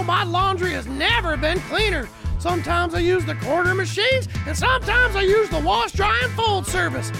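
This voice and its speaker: A man voicing a goofy, high-voiced low-budget pitchman in a comic radio ad, with music under it. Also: gravelly. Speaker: ad voice talent.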